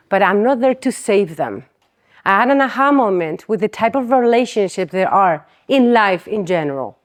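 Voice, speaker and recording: A woman speaking to a conference audience in a loose, conversational way. She keeps dropping in "like" and quick asides to the room. She often acts out both sides of her talks with patients. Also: mid-range voice. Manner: lively storyteller who acts out dialogue with patients; chatty, fills speech with "like" and asides to the audience. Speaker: chiropractor giving a conference talk. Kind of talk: conference presentation. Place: conference hall stage.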